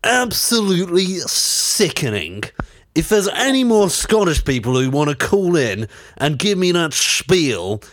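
A pompous, posh English talk-radio host, acted by a man, ranting indignantly at his callers. His pitch swings widely, and the sound is dry and close. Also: sing-song, a little slow, a bit bright, dry recording.

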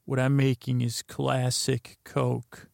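Gravelly, flat-voiced man rambling casually. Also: mid-range voice, dry recording, studio quality. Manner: rambling, halting, lots of fillers and restarts. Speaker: podcast host. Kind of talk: casual recap of a TV episode.

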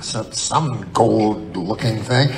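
A man's voice: lowish voice, expressive, takes it slowly, poor audio. A man doing stand-up comedy, telling rambling, profane stories in a loose conversational way. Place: live comedy venue with audience. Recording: live stand-up with crowd laughter. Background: audience laughter.

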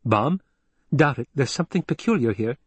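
A man's voice: medium pitch, animated, normal speed, breathy edge, no echo. A man voicing a tense, guarded young nobleman who speaks in a clipped, controlled way.

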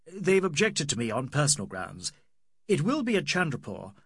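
A brusque, bitter young English official, as a male narrator plays him, with a curt, dismissive way of talking. His voice is husky and sits close in a dry recording. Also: on the high side, sing-song, moderate pace, fairly bright tone, no room sound, full character voice. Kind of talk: audiobook character voice.

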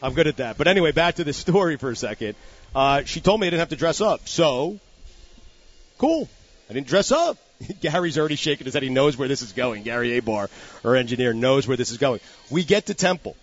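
A middle-aged radio host runs a casual sports segment, telling a story animatedly with eager restarts and repeated phrases. His voice is medium-pitched and fairly quick, and the recording sounds a little dull and lo-fi.

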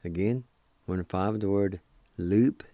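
Low slow guy doing a radio language lesson, spells stuff out letter by letter real patient. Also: warm tone, no echo. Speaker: radio language teacher and host.

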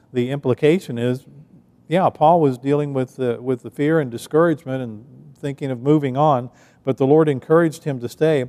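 A man preaching a sermon in a relaxed, conversational way, often restarting his phrases. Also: mid-range voice, long reverb tail. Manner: conversational, halting with frequent restarts. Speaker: pastor. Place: church.

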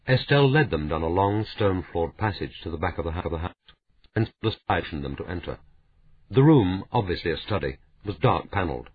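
A man narrating an audiobook in a steady, measured reading. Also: low voice, husky. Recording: tinny phone-like sound.

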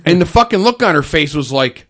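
A middle-aged man hosting a podcast, telling profane, animated stories and acting out the quotes in casual chat. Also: a little high, brisk. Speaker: podcast host.

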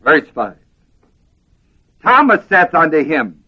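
A man's voice: high voice, lively intonation, a little slow, long pauses, dull audio. A man preaching a sermon to a class, emphatic and asking them questions. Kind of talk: sermon teaching.

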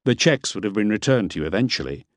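Brief: male narrator doing a nervous hired guide, deferential but indignant, lowish and lively. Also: fast talker, no echo, lightly acted. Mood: respectful indignation. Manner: respectful, indignant, a bit defensive.

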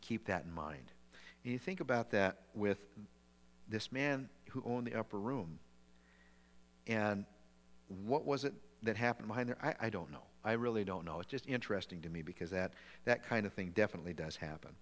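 A middle-aged male pastor preaches in a relaxed, conversational way, breaking into animated asides and restarting his phrases. His voice sits low. A long hall reverb trails behind every word. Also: fairly quick. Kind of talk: sermon. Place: church sanctuary.

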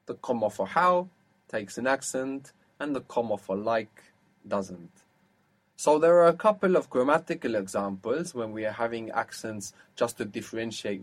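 A man teaching a one-to-one language lesson, explaining patiently and slowing down to model words. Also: lowish voice.

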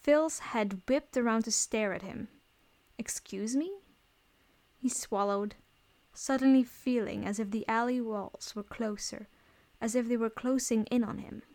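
A woman's voice: a little high, normal speed, a little mellow. Woman reading a story aloud. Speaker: reader. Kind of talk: reading fan fiction aloud.

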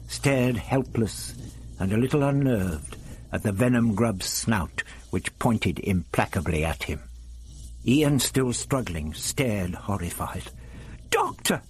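A man narrates an adventure audiobook in a dramatic, measured way. His low, husky voice moves slowly, with lively rises and falls in pitch that stress the tension.

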